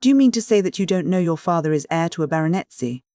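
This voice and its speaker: A reader speaking as a plump, shrewd elderly widow from a classic mystery audiobook. She gushes fond endearments while talking plain business. The recording is dry and close, with a mid-pitched voice. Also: expressive, mellow, dry recording, lightly acted. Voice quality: gushing endearments, brisk and matter-of-fact. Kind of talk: audiobook dialogue reading.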